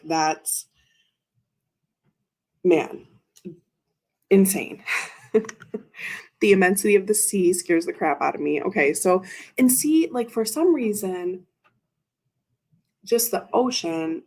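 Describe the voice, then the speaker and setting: A woman's voice: fairly low pitch, gravelly. A woman hosting a casual tarot livestream, rambling and interrupting herself as she talks to viewers in chat. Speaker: tarot reader and livestream host.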